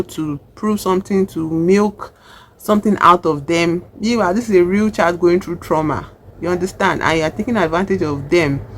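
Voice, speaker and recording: Nigerian-accented vlogger, mid-pitched, chatty and animated recap, faint background hiss. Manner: chatty and animated, acts out characters' lines. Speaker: film reviewer. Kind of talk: casual film recap.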